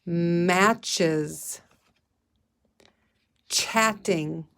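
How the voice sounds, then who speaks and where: A woman teacher leading a phonics lesson, slowly sounding out word parts and encouraging her young listeners. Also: fairly low pitch, gravelly, fairly bright tone, smooth. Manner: encouraging, calls listeners "friends". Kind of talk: guided reading phonics lesson.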